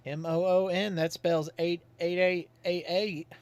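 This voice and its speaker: Male podcast host playing a horror game; slightly high voice, casual, thinks out loud. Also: little pitch movement, measured pace, clear, resonant tone. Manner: muses aloud about the story while reading on-screen text. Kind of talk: casual let's-play chat.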